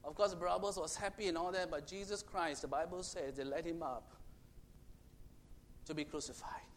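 A man preaching a sermon to children, storytelling dramatically and swinging between loud and hushed. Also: fairly high pitch, steady tone, moderate pace, a little hiss or hum.

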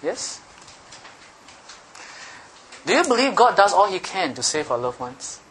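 Bright-voiced teasing male preacher. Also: high-pitched, big pitch swings, a little slow, a little hiss or hum. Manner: playful, teasing, checks in with the congregation often. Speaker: pastor. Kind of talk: sermon.

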